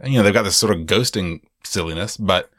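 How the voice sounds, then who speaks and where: A man co-hosting a casual film-review podcast, rambling and animated, laughing often. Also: sits low, fairly quick, slightly rough, no echo, clean studio sound. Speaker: podcast co-host.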